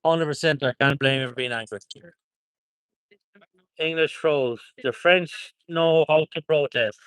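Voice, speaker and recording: This Irish man's voice is fairly high, fairly bright, and smooth, moving a little slowly with no echo. As a livestreamer at an outdoor protest, phone held near, he reads viewers' comments aloud and upbeatly thanks them by place.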